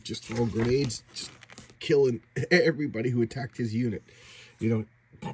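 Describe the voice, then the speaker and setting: Excited man recapping a comic. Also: mid-range voice, fairly quick, slight background noise. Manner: excited storytelling with sound effects and acted-out quotes. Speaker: comic book reviewer. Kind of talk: casual comic book recap.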